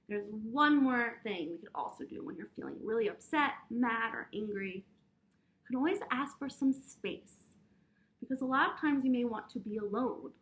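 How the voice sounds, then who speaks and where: A young adult woman with a high voice, teaching children in a gentle, encouraging way. She talks straight to her young listeners, leading them through slow breathing exercises. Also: gravelly. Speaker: preschool teacher.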